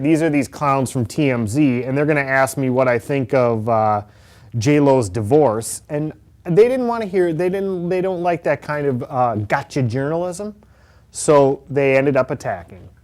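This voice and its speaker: A man's voice: mid-range voice, normal speed. A man co-hosting a comedy podcast, riffing jokes in a casual chat. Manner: animated, riffing jokes with silly put-on voices. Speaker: podcast co-host.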